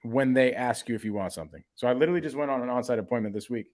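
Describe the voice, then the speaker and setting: A man's voice: medium pitch, very fast, darkish tone. Slangy man telling sales stories. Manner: storytelling, slangy, acts out dialogue. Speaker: co-host, sales coach. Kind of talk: casual podcast chat.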